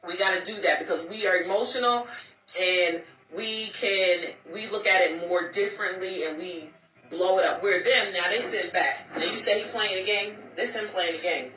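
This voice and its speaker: A woman's voice: medium pitch, moderate pace, sharp tone, recorded from a distance. A woman hosting a casual advice talk for women, sassy and emphatic, repeating lines for punch. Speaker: host giving relationship advice to women. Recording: roomy echo, voice a bit off mic.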